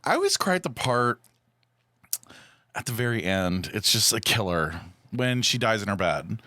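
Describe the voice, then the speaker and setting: A man co-hosting a podcast in casual chat, telling stories in an animated, jokey way and slipping into playful voices. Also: lowish voice, moderate pace, dry recording. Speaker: podcast co-host.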